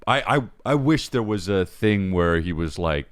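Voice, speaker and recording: A man's voice: low-pitched, animated, moderate pace. A man co-hosting a podcast, rambling through a story about his son and often chiming in with agreement. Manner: rambling, lots of agreeing yeahs. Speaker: podcast co-host. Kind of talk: casual podcast banter.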